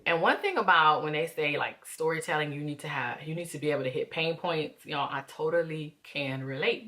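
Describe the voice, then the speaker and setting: Low-voiced woman vlogging candidly. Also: pushed and bright. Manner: open, emotional, talks to viewers as "y'all". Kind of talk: candid reflective vlog talk.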